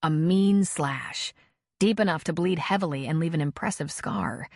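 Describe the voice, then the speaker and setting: A woman narrating an audiobook in a measured, even reading voice. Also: low-pitched, vocal fry, dry recording, clean studio sound. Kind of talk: scripted narration.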